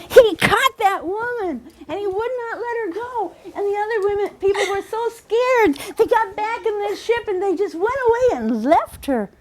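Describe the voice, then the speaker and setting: A woman with a high voice tells a folk tale aloud. She is lively and warm in pacing, slowing down for emphasis and repeating key phrases for rhythm. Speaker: storyteller. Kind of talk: oral storytelling of a folk tale.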